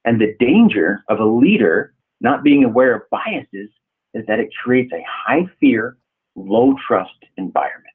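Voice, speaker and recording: Male presenter, husky voice, lively pitch, earnest storyteller, phone-quality line. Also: unhurried. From California. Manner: earnest storytelling with repeated restarts. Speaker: leadership trainer. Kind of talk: webinar presentation. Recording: tinny phone-like audio.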